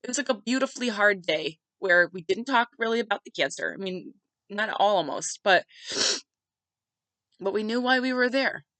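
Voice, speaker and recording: A woman's voice: medium pitch, lively intonation, normal speed, fairly bright tone, no echo, rough recording. A woman hosting a podcast and telling a personal family story in a heartfelt, conversational way, dropping in many filler words. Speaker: podcast host.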